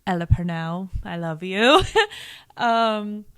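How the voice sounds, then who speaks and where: A woman's voice: mid-range voice, a little slow, fairly bright tone, dry recording, clean studio sound. A young woman vlogger recapping a TV show in casual chat, rambling and swearing freely, with lots of "like" and "um". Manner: chatty, profane, lots of "like" and "um", rambling.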